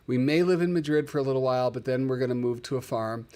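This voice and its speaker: A man's voice: medium pitch, fast talker, mellow. A man hosting a casual livestream, telling stories with open emotion and calling out his viewers by name. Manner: emotional, chatty storyteller who calls out viewers by name. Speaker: livestream host.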